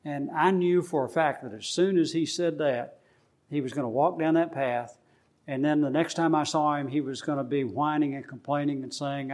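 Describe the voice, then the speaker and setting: A middle-aged man leads a small Bible study group in an easy, conversational way. He often stops and restarts his sentences and fills pauses as he teaches. His pitch sits a little above the usual for a man. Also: steady tone, a little mellow. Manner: plain, conversational, with many fillers and restarts.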